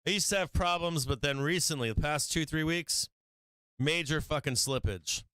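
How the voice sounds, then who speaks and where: A man's voice: a little high, normal speed, pushed and bright, clear, resonant tone, dry recording. A man hosting a stock trading live stream, talking casually, swearing and venting frustration about his trades.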